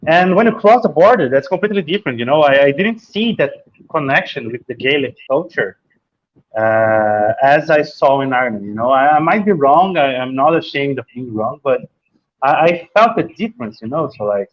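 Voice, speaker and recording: A man giving his view in a casual panel discussion, talking haltingly and often restarting his sentences. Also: medium pitch, expressive, highs cut off. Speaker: panel guest.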